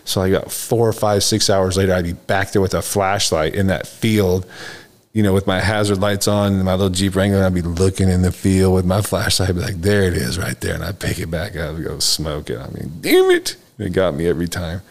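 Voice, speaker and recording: A man's voice: deep voice, expressive, a little fast. An older man hosting a podcast, telling a personal story in a candid, rambling way and acting out quotes in a raised voice. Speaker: podcast host. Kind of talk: casual storytelling chat.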